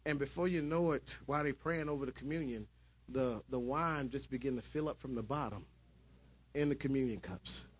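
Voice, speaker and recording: A man preaching a sermon in church, shouting at his peaks and dropping into calmer storytelling. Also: medium pitch, brisk.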